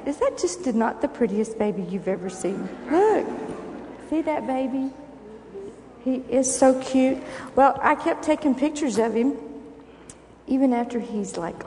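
A woman's voice: on the high side, warm tone, slight background noise. An older woman giving a children's sermon in a church, coaxing and asking the children questions. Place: church sanctuary. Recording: echoey church hall recording.

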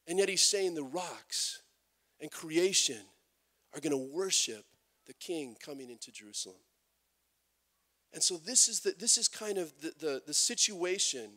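Animated high-voiced man preaching. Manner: animated, many restarts and acted-out quotes. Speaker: pastor. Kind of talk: sermon.

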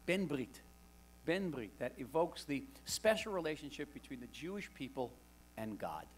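Wry man giving an animated talk. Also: medium pitch, normal speed, slight background noise. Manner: wry, conversational, animated storytelling. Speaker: guest speaker, author. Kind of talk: public talk to an audience. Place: lecture hall with live audience.

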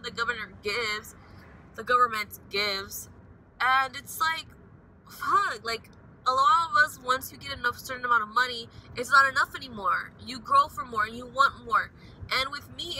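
Bright, high young woman vlogging. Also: slight background noise, rough recording. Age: young adult. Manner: emotional, rambling, swings from upbeat to frustrated. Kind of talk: casual vlog while driving. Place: in a car.

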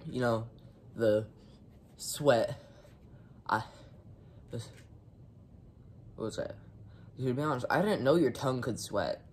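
Man, spicy food challenge vlog, deadpan, coughing, very slow halting talk, faint hiss behind. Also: mid-range voice. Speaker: vlogger.

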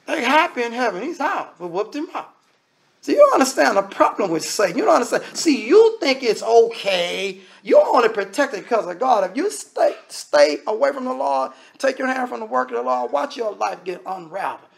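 A man's voice: very high voice, sing-song, normal speed, gravelly. A man preaching a sermon in a conversational way, often acting out the voices of the people he quotes.

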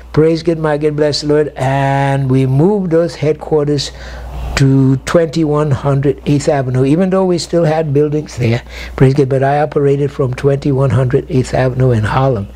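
An older bishop recalls his early ministry in a fairly high yet mellow, warm voice. He punctuates almost every phrase with a refrain of "praise God, my God", which gives his storytelling a steady, rhythmic sway. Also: measured pace. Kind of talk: storytelling interview.

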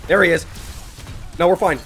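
A young man streaming a team shooter, swearing often and yelling excited callouts to his teammates. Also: high voice, moderate pace, a little hiss or hum. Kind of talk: live gameplay commentary with team callouts.

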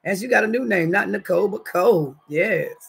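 A woman's voice: mid-range voice, expressive, fairly quick, vocal fry, slightly rough. A middle-aged woman, chatting casually on a live stream from her home kitchen as she cooks, rambling and joking with salty language. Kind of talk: casual live-stream chat while cooking.

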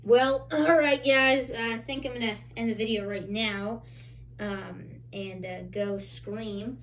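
High-voiced lady doing a slow chatty pack opening, gets all stammery and squealy. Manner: excitable, stammering, breaks into squeals. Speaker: card break host. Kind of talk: casual pack-opening commentary.

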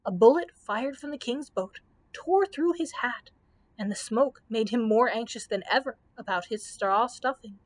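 A woman librarian reading a children's book aloud in a clear, steady way, with small slips now and then. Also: a little high, moderate pace.

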